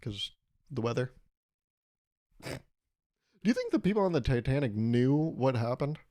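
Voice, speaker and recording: A man's voice: mid-range voice, big pitch swings, measured pace, warm tone. A young man hosting a casual solo podcast, rambling through a story and laughing at his own jokes. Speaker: podcast host.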